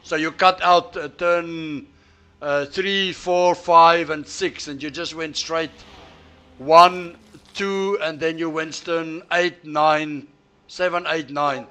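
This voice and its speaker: This man's voice is on the high side, sharp and clean, with fairly even intonation. He's racing in a sim while teasing his friends over voice chat, often stopping to restart and repeat his words.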